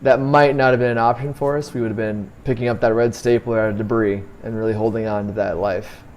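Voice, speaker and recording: A man's voice: medium pitch, steady tone, fast talker, darkish tone, a little hiss or hum. A man with a mid-range voice co-hosts a casual sports podcast. He talks in dry, joking banter. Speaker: podcast co-host.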